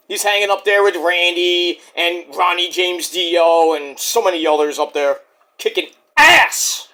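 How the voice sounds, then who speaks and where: A man hosting a casual, profane wrestling review, jokey and animated, who keeps breaking into impressions. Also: high voice, slow pace. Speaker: wrestling reviewer, channel host.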